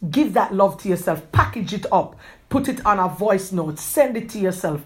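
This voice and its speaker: A woman hosting a podcast, giving an earnest, rambling motivational talk, repeating herself often and talking quickly. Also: medium pitch, lively intonation. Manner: quick talker who gestures a lot. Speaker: podcast host.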